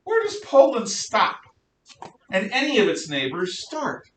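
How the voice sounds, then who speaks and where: A man giving a history lecture to a class, emphatic and animated, firing off rhetorical questions. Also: unhurried. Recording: roomy, distant mic with faint rumble.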